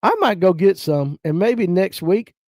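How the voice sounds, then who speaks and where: A man's voice: sits high, animated, unhurried, darkish tone, dry recording, studio quality. Folksy North Georgia man telling stories. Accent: Southern US, North Georgia. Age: 50s. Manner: folksy storytelling, acts out relatives' voices. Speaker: livestream host. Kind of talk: casual chat reading viewer comments.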